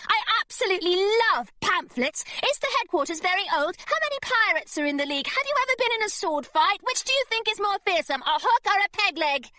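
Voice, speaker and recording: A woman's voice: high-pitched, big pitch swings, pushed and bright, dry recording, voice pushed up, full character voice. A woman voicing an eager, chatty young girl from a finishing school who gushes and fires off questions. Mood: gushing. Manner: gushing, rapid-fire questions.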